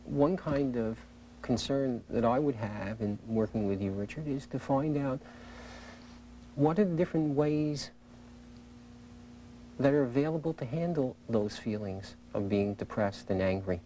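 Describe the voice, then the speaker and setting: A man conducting a clinical interview, asking measured, probing questions. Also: medium pitch, mellow, slight background noise, low-quality recording. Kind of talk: therapeutic interviewing.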